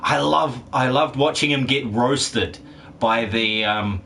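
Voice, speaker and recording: A man's voice: mid-range voice, slow pace, vocal fry, pushed and bright, slight background noise. Rambling, joking male game streamer. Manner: rambling, jokey, swears and laughs often. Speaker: game streamer reading chat. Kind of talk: casual live-stream chat.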